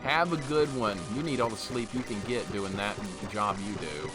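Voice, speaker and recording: A man's voice: on the low side, big pitch swings, moderate pace. A man from Alabama, chatting casually with viewers while streaming a game, reading chat aloud and laughing often. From Alabama, USA. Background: game music.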